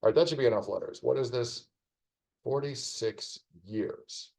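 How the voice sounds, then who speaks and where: A low, gravelly-voiced man talks through puzzle clues on a live stream, muttering and musing out loud. His tone is mellow and dark, and he drifts into wry little asides as he goes. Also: normal speed, poor audio. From United States. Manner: rambling, wry asides, thinking aloud. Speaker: streamer solving a crossword. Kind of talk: casual live-stream commentary while solving.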